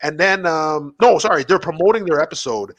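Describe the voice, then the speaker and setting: Male podcast host, slightly high, dry close sound, rambling and profane. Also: fairly quick, dry recording. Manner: rambling, full of restarts and swearing. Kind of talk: casual podcast chat.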